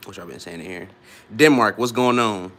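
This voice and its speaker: Low-voiced young man chatting on stream. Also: moderate pace, a bit bright. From Ohio. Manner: rambling, loose and laughing, with many restarts. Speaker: livestreamer. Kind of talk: casual live-stream chat with viewers.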